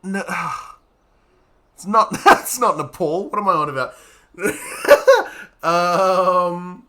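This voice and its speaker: A young man streams a game and chats with his viewers. His voice sits high and bright and swings widely in pitch. He talks at an unhurried pace, with a playful, excitable manner and frequent laughs. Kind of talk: live gameplay commentary, chatting with viewers.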